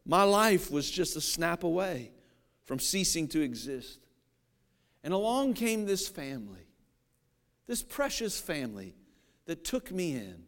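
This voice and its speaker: A man voicing a grateful rescued male dog who bows his head and prays before eating, in a hushed, solemn tone. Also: fairly high pitch, big pitch swings, measured pace, long pauses, voice pushed down, heavily acted. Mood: reverent, grateful.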